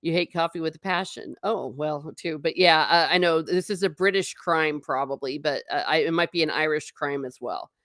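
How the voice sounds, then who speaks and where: A woman's voice: sits low, moderate pace, hardly any pauses, fairly bright tone, no room sound, clean studio sound. A woman vlogger chatting casually with her viewers, giggly and self-mocking. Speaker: travel vlogger reading live chat. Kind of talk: casual live-stream chat.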